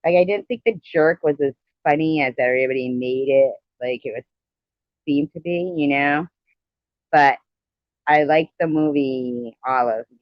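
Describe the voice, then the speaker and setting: A woman's voice: low-pitched, moderate pace, no echo, lo-fi sound. A woman hosting a live stream, chatting casually and rambling about old movies she remembers. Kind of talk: casual chat.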